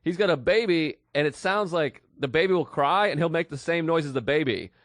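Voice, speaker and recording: A man co-hosting a comedy podcast, telling stories in casual chat and breaking into loud, shouted impressions. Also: fairly high pitch, a little fast, no room sound, clean studio sound. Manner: animated storyteller, bursts into loud shouted impressions. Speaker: podcast co-host. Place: New York apartment recording.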